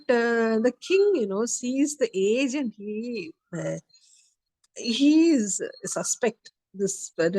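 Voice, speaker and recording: A woman teaching a study circle, telling a story in a lively way and acting out the quotes. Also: medium pitch, no echo. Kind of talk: storytelling lecture.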